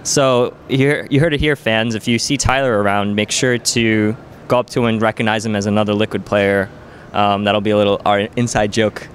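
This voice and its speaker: His voice is lowish and flat, a little fast with few pauses, and carries a slight hiss or hum. He's interviewing a player at a busy gaming venue, chatty and playful, peppering his talk with "um" and "like."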